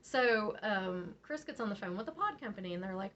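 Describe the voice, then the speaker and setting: Animated woman telling a story. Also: medium pitch, a little fast, few pauses. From West Virginia. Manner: animated, laughs often, acts out quotes. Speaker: beading channel host. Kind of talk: casual storytelling. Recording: slightly dull audio, faint noise.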